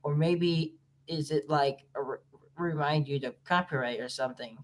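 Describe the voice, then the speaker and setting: A woman's voice: low-pitched, moderate pace. A woman giving casual reaction commentary on a video, rambling and guessing aloud with many fillers.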